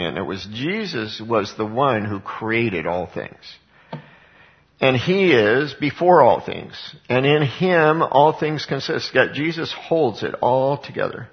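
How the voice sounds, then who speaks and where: Teaching from scripture informally and emphatically, this street evangelist asks himself rhetorical questions and then answers them. He speaks unhurriedly and expressively at medium pitch, with a lo-fi sound.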